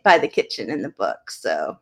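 A woman's voice: a bass voice, big pitch swings, moderate pace. A woman co-hosting a live podcast in casual chat, giggly and chatty, drifting off topic. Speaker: podcast co-host.

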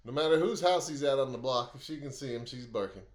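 An easygoing man co-hosting a podcast, chatting casually. His voice is mid-pitched, and the room around him sounds echoey. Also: fast talker. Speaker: podcast co-host. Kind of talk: casual chat.

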